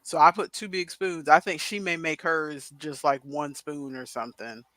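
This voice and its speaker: A woman's voice: low voice, steady tone, normal speed, a bit bright, dry recording. A middle-aged woman co-hosting a podcast over a video call, rambling chattily with many asides. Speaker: podcast co-host. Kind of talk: casual chat.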